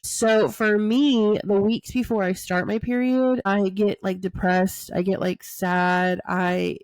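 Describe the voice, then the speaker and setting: A woman co-hosting a podcast in casual chat, animated, with lots of fillers and swearing. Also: medium pitch, slow pace, hardly any pauses, no echo. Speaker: podcast co-host.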